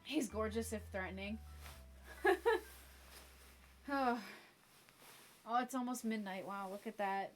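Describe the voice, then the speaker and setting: A woman's voice: medium pitch, takes it slowly, long pauses, a little hiss or hum. A young woman streaming from her room at home, chatting casually with viewers and her cat and laughing often. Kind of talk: casual live-stream chat.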